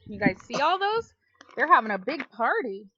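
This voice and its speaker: Bright, lively woman reading a storybook. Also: high-pitched, husky. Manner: slow, expressive read-aloud with playful chatter to the kids. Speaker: storybook reader. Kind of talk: reading a picture book aloud to children. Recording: dull, lo-fi home recording.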